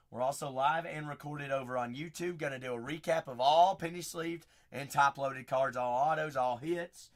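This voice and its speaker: A man hosting a live card break stream, chatty and hyping up his viewers. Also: fairly high pitch. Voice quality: raspy. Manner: chatty, hypes up viewers, shouts out names.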